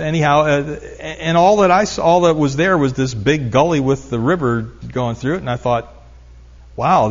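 A middle-aged man preaching a sermon, telling stories and building up to emphatic repetition. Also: on the high side. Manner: storytelling, rising to emphatic repetition. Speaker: pastor. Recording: dull lo-fi recording.

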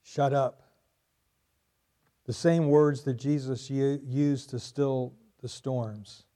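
Male pastor, mellow low-key tone, emphatic sermon delivery, repeats lines for stress. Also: fairly even intonation, slow pace.

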